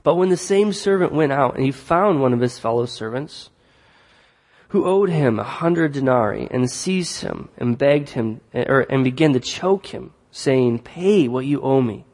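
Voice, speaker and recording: A man's voice: mid-range voice, expressive, a little slow, a little mellow. A man preaching a sermon in a large hall, conversational, joking and correcting himself as he reads and explains scripture. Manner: conversational, jokes and self-corrects. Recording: long hall reverb.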